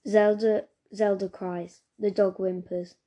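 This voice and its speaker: Woman reading a novel in a flat, mellow voice. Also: medium pitch, measured pace, muffled recording. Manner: steady, even storytelling. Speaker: reader.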